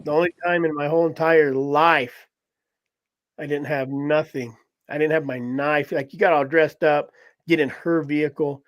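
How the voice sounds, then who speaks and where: Animated storytelling man, slightly high voice. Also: moderate pace. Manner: animated, laughs often, acts out voices in quotes. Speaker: podcast host telling a story. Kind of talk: casual storytelling.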